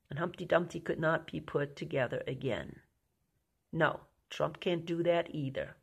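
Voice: medium pitch, vocal fry. An end-times prophecy teacher preaching to viewers in an emphatic way, with rhetorical questions and lots of "okay?" and "you know".

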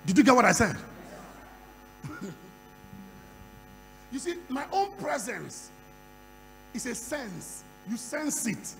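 A man preaching a sermon at a conference, moving from quiet storytelling to loud shouting. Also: very high voice, big pitch swings, takes it slowly, gravelly, pauses often. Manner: acts out dialogue in a conversational storytelling voice. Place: large conference hall. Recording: reverberant hall with faint hum.

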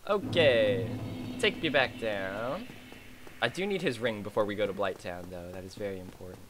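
A man giving excitable, chatty commentary while streaming a game. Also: lowish voice, normal speed, a little hiss or hum. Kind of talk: casual gameplay commentary.

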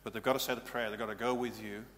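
A man's voice: on the low side, level tone, very fast, a bit bright. A male pastor giving a practical, matter-of-fact teaching sermon in a church. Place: church hall. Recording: reverberant hall, faint hum.

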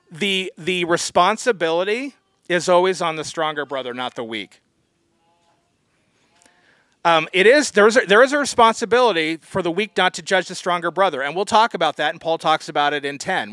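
A man delivers a sermon as pastor, his voice sitting a little higher than most men's. He talks to the congregation conversationally, then presses hard on his key points. The sound is dry and close, with no room echo. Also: sharp tone. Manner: conversational, earnest preaching with sudden emphatic pushes. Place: church.

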